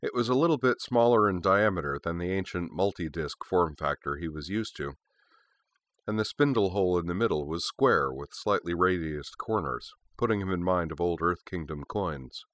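A man narrates a story in a steady, measured reading. His voice is very low but bright and crisp in tone. The recording is dry and close to the mic. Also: no echo.

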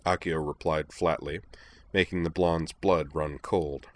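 Brief: male narrator, very low voice, steady storybook reading. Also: a little slow. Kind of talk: audiobook reading of fan fiction.

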